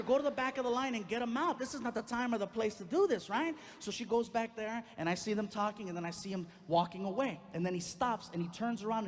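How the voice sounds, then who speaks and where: A middle-aged man doing stand-up storytelling on a comedy club stage, acting out the voices of people in his story. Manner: animated, acts out quotes with big pitch jumps.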